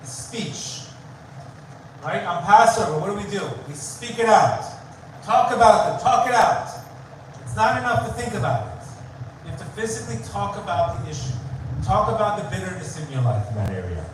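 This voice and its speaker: A man's voice: high-pitched, expressive, normal speed, slight background noise. A man giving a live spiritual talk, emphatic and repetitive, often asking the audience questions. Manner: emphatic, repeats key phrases, asks the audience questions. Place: live venue in Tel Aviv. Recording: distant, very echoey live room.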